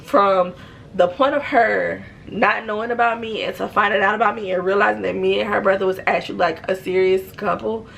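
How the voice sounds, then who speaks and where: A young woman talks straight to her viewers, telling a personal story in a relaxed, chatty way full of "like." Her mid-pitched voice has a gravelly, creaky texture, and there is a faint hiss in the background. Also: fairly quick, poor audio. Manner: chatty, slangy, many fillers. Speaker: storytime vlogger. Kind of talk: casual storytelling.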